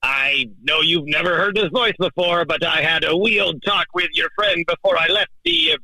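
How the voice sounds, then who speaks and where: A man's voice: fairly high pitch, moderate pace, husky, voice pushed up, full character voice, rough recording. A man putting on a boisterous pirate captain voice to flirt. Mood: hammy. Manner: loud, hammy pirate accent.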